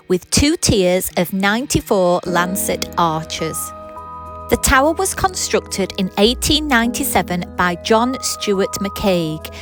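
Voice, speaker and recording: Woman chatting through her travel vlog, lots of ums, music playing behind. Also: mid-range voice. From not Scottish. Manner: chatty, apologetic, frequent ums. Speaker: travel vlogger. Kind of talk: casual travel vlog narration. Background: background music.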